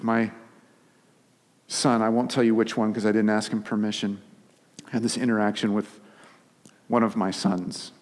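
Lowish-voiced male pastor preaching in a hall. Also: flat delivery, normal speed, long pauses, darkish tone. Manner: conversational storytelling with frequent restarts and filler words. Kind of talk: sermon.

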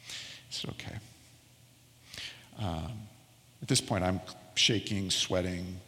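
A middle-aged man preaching a sermon as pastor, telling a personal story and slowing down to stress key words. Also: deep voice, pushed and bright, in a large hall, a little hiss or hum. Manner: storytelling, slows down for emphasis.

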